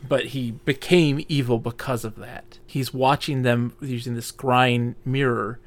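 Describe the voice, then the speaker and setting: Gravelly man retelling a fantasy novel. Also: mid-range voice, unhurried. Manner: animated retelling with many fillers. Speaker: podcast co-host. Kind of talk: casual book discussion.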